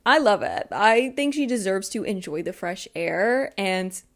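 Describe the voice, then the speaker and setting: A young woman chatting through a book recap for her channel. Her voice sits at an ordinary middle pitch. She talks in a relaxed, playful way with wry, sarcastic asides. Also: a little slow.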